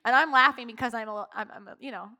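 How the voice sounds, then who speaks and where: Talking impromptu in the church sanctuary, this worship leader gets emotional, laughs through her words, and leans heavily on "like." Her voice is a little high, bright, and forceful, and she speaks at a quick pace.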